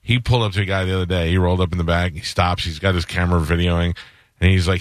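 A low-voiced man who talks fast hosts a radio show, chatting casually and wandering through rambling stories while acting out the voices of people he quotes. The sound is clean studio quality with no room sound.

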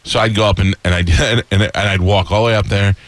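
A radio host with a low male voice, chatting casually with his guest. He laughs often and drifts into stories of his own. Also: fairly even intonation, brisk. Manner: laid-back, laughs along, tells his own stories. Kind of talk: casual interview chat.

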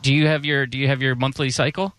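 A man's voice: medium pitch, flat delivery, quick pace, a bit bright, dry recording. A man hosting a talk radio show, pushing and teasing a caller with blunt questions. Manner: pushy, teasing interrogator. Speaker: radio host.

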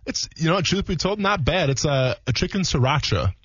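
A man's voice: a little high, lively intonation, moderate pace, fairly bright tone, slightly rough, no echo, muffled recording. A man from central Wisconsin co-hosting a sports radio show, joking and sarcastic, speaking into a studio microphone. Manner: joking, sarcastic, laughs easily. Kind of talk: casual sports talk radio banter.

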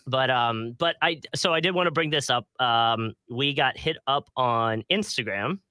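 A man's voice: mid-range voice, unhurried, pushed and bright, smooth, no room sound. A young man co-hosting a podcast, telling rambling stories in casual chat and laughing often. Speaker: podcast co-host.

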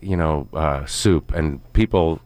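A man appearing as a guest actor in a radio interview, speaking in a halting way with frequent restarts. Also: extremely low pitch, darkish tone, no room sound. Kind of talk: casual interview chat.

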